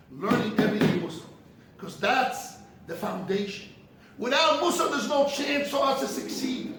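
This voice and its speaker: Brief: high-pitched male preacher, fervent and emphatic, recorded far off in a very echoey hall. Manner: impassioned and emphatic, sometimes rising to cries. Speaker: head of a yeshiva. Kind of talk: ethical sermon to students. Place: large echoey study hall. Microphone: distant room mic. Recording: very echoey hall, far from the mic, faint noise.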